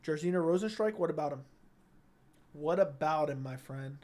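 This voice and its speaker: Young male streamer, higher-pitched voice, laid-back and jokey, reading chat on a studio mic. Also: normal speed, darkish tone. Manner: laid-back, reads chat aloud, joking. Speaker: livestream host. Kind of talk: casual livestream chat. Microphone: studio dynamic mic.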